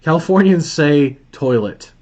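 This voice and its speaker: A man's voice: fairly high pitch, lively intonation, measured pace, a little mellow. A man with a Southern Alabama accent hosting a casual marketing call, telling stories in a folksy way and laughing often. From Birmingham, Alabama. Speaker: host of a marketing live call. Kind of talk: casual coaching chat. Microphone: video call. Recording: dull lo-fi call audio.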